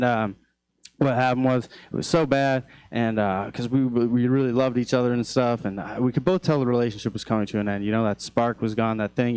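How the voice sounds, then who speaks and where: A young man performing stand-up on a club stage, with a smooth, clean voice at a middle pitch and a close, dry sound. He rambles through his stories with plenty of "uh"s and restarts, then his voice leaps high and loud when he acts out his own shocked reactions. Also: dry recording. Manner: loose, rambling storytelling with frequent fillers and restarts; jumps high and loud for exasperated quoted outbursts. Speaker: stand-up comedian. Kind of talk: stand-up comedy set.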